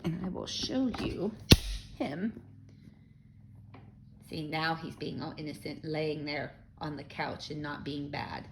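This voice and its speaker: A woman reading a children's book aloud, gentle and chatty with young listeners. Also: deep voice, takes it slowly, long pauses, slight background noise. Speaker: children's story reader.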